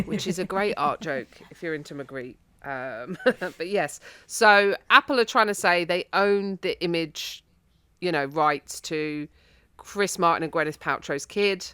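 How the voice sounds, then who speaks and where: A woman's voice: lowish voice, smooth, no room sound. A woman, a comedian guest riffing animatedly in a panel chat. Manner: animated, joking, quick asides.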